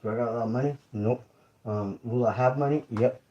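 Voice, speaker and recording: His mid-range, dark voice moves a little fast, and the recording has its highs cut off. The YouTube creator hosts a casual livestream monologue, chatting conversationally, repeating phrases, and checking in with "you feel me?".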